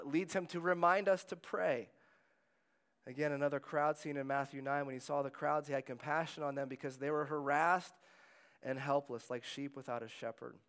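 A man preaching a sermon as pastor, in a conversational way, letting his phrases trail off softly. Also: medium pitch.

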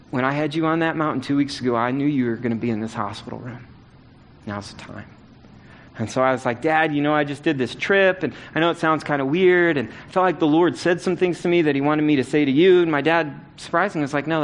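A man's voice: medium pitch, a little hiss or hum. A middle-aged man preaching a sermon, telling a personal story earnestly and building to emphatic repeated calls to action. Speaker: pastor.

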